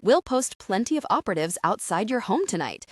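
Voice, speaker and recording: A woman reading the part of a male FBI agent, speaking dryly and calmly for an audiobook. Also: mid-range voice, fairly quick, no room sound. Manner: dry, bureaucratic calm. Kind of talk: audiobook character voice.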